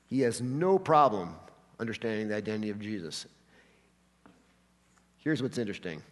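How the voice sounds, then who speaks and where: A man preaching a sermon, acting out quotes with animated delivery in a church hall. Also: fairly low pitch, moderate pace. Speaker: pastor. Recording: long hall reverb.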